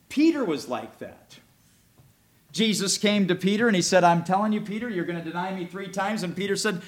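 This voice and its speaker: A middle-aged man delivers a sermon as a pastor, his voice sitting a little high for a man. He booms through scripture, then sinks to soft, confiding tones when he speaks personally. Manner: swings from loud preaching to hushed, intimate asides.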